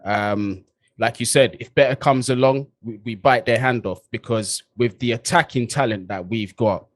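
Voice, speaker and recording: A man's voice: medium pitch, moderate pace, dry recording. A man giving frank, opinionated views in a casual football chat.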